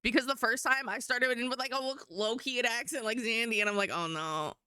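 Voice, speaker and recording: A woman's voice: fairly high pitch, steady tone, fast talker, sharp tone, smooth, dry recording, studio quality. A woman streamer chatting in a rambling, self-mocking way while she draws. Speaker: streamer and artist. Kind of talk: casual chat while drawing on stream.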